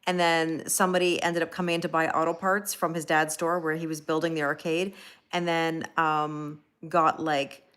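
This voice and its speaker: A woman's voice: low voice, flat delivery, moderate pace, fairly bright tone, clean tone. A woman hosting a casual live stream. She rambles through a story, laughs at herself, and greets chat viewers by name as she goes. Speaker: livestream host and tarot reader; schoolteacher.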